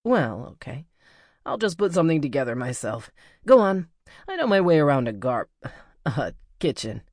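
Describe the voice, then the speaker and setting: A woman's voice: sits low, big pitch swings, normal speed, a little mellow, dry recording, studio quality, full character voice. A woman voicing a cheerful young male coyote spirit in human form, who talks in an easygoing, amiable way.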